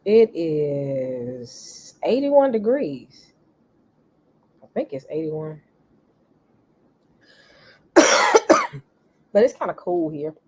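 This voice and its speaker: A middle-aged woman speaks extremely slowly in a low, breathy voice, with big swings in pitch and long pauses. Hosting a laid-back livestream, she chats casually, greets joining viewers again and again, and coughs now and then.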